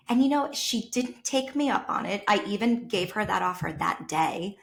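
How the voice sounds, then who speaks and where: Guest spot: New York woman, teacher, animated storyteller who acts out the people she quotes, mid-pitched. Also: moderate pace, gravelly, few pauses. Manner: animated storyteller, voices quoted people, sometimes drops to a whisper. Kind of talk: casual conversation.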